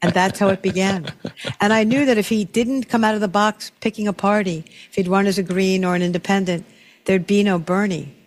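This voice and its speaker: A middle-aged man hosting an interview, telling stories in a lively, restarting way. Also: high voice, brisk. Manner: storytelling, animated with frequent restarts. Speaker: talk show host. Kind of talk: casual conversational interview.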